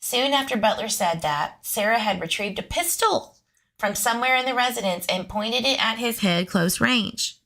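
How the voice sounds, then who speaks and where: A woman's voice: medium pitch, expressive, normal speed, creaky, pushed and bright. A woman hosting a true crime channel, reading police documents aloud and breaking off into sarcastic, chatty asides to her viewers.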